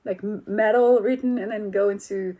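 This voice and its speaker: A woman's voice: medium pitch, steady tone, normal speed, warm tone. A woman singer as an interview guest, chatting casually and telling stories animatedly, with many restarts and laughs. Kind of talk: casual video-call interview.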